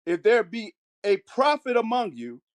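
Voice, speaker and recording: A man reading scripture aloud in a measured way, slowing on key phrases. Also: very high-pitched, big pitch swings. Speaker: scripture reader.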